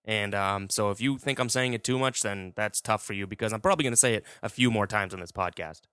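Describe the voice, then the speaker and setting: A man's voice: fairly low pitch, fast, fairly bright tone, smooth, no echo, studio quality. A man hosting a podcast, talking in a rambling, heartfelt way with many fillers. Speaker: podcast host. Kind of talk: casual podcast monologue.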